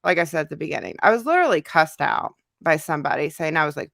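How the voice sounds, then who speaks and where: A woman's voice: deep voice, lively intonation, fast talker, vocal fry, hardly any pauses, fairly bright tone, no room sound, studio quality. A woman hosting her own commentary channel, talking casually and earnestly to her viewers, with frequent fillers and restarts. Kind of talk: casual talk to camera.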